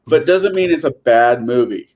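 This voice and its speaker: A man's voice: medium pitch, animated, moderate pace, a little mellow. A man in a casual late-night chat who talks bluntly and swears freely. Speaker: podcast co-host.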